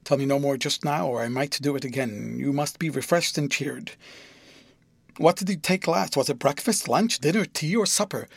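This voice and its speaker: A man's voice: on the high side, normal speed, vocal fry, slightly rough, no room sound. A man voicing a fussy, kindly elderly male guardian who breaks into sudden fervent outbursts. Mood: fussing.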